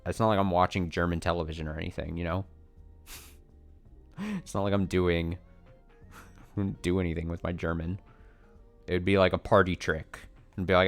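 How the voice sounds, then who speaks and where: Man, low voice, casual game-stream chatter, rambling, self-deprecating. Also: fairly even intonation, moderate pace, fairly bright tone, no room sound. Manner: rambling, self-deprecating, chuckling, answers chat questions. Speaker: let's play streamer. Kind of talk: casual chat while playing a game. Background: faint game music.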